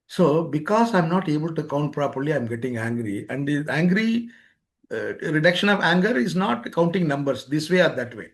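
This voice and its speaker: A man's voice: fairly high pitch, big pitch swings, moderate pace. A man giving a webinar lecture, repeating points and acting out everyday exchanges. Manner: repetitive, acts out both sides of everyday exchanges. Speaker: webinar speaker on life skills. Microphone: remote webinar microphone.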